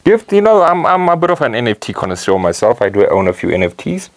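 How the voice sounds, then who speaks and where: A man putting on the voice of a smug, posh English gentleman. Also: mid-range voice, big pitch swings, fast, dry recording. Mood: mock posh. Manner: mock-posh, showy.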